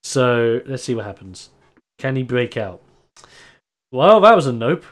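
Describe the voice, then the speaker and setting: Man, game master, animated narrator who laughs a lot, plain middle pitch. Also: unhurried. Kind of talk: narrating a tabletop wrestling game.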